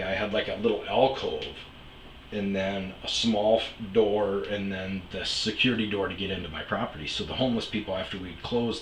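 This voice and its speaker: Host, male, lowish voice, rambling cursing storyteller, roomy sound. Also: fairly bright tone, slight background noise. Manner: profane, rambling anecdotes. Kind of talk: comedic storytelling podcast.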